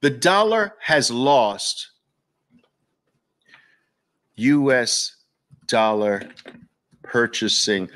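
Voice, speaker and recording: A man's voice: medium pitch, animated, drawn-out words, long pauses, a bit bright. A man giving a persuasive masterclass talk as a trading educator, emphatic, with repeated punchy lines and rhetorical questions. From Brooklyn, New York.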